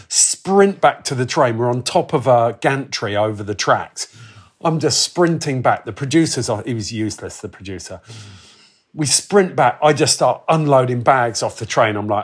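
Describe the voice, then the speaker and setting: Animated man telling stories. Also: medium pitch, moderate pace, slightly rough. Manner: animated storyteller, acts out quoted voices, swears freely. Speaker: podcast guest telling travel stories. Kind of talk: casual anecdote telling.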